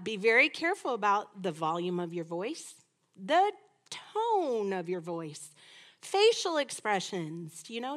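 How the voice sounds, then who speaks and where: A middle-aged woman with a slightly high voice leads a women's Bible study lesson. Her delivery is lively and conversational, and she acts out small quoted exchanges along the way.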